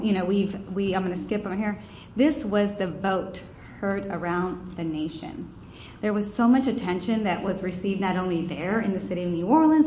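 A woman's voice: mid-range voice, slight background noise. Woman giving a talk w/ slides, lots of ums, echoey room, kinda muffled sound. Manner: conversational storytelling, many fillers. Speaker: advocacy campaign presenter. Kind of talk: conference presentation with slides. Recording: roomy, dull room recording.

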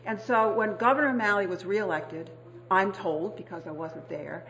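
A woman's voice: medium pitch, normal speed, a bit bright. A middle-aged woman addresses a conference audience in a chatty, self-deprecating way, with plenty of fillers and restarts. The recording is a bit dull, with faint background noise. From United States. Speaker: state public health official, panel speaker. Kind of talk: conference panel talk. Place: conference hall.

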